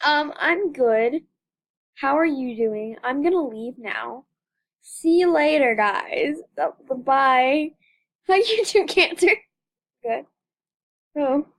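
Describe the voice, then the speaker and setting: Young female channel host with a high voice; casual, dramatic gameplay commentary with lots of repetition. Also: animated, slow, pauses often. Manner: chatty, dramatic, repeats phrases.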